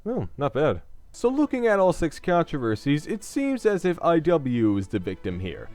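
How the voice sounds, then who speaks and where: A man's voice: normal speed, faint music behind. A man hosting a scripted video game commentary, talking sarcastically and crudely. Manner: sarcastic and crude, with lively swings in pitch. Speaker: gaming commentary host.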